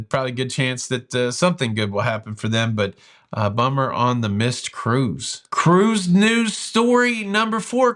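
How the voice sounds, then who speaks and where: Male cruise news host, slightly high voice, casual and jokey delivery. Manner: chatty, jokey, lively delivery.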